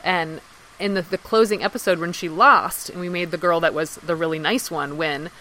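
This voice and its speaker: A woman's voice: on the low side, moderate pace, slight background noise, poor audio. A woman guest on a podcast telling an anecdote in casual talk, acting out what people said. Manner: lively anecdote-telling, acts out quoted speech. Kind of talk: casual storytelling.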